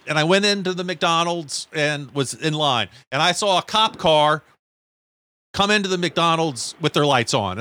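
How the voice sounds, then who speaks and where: A man co-hosting a talk show, telling a story in an animated, self-deprecating way. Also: a little high, no echo. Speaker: podcast co-host. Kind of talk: casual storytelling.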